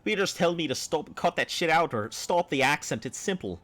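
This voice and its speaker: A man's voice: fairly high pitch, expressive, moderate pace, few pauses, fairly bright tone. A man streaming a game and chatting with viewers in a put-on Australian accent, rambling and playful. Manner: rambling, playful, talks to chat. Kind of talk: gameplay livestream chat.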